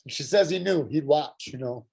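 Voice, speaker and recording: A middle-aged man telling his personal recovery story at a workshop, earnest and halting, with frequent pauses and restarts. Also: on the high side, creaky, a little mellow, slightly rough. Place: Santa Fe.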